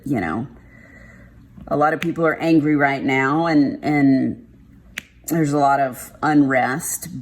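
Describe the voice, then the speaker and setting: Texan woman, craft vlog chat, low voice, unhurried, rambling and frank. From Texas. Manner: rambling, frank, uses y'all and mild swearing. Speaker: craft vlogger. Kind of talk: casual chat while diamond painting.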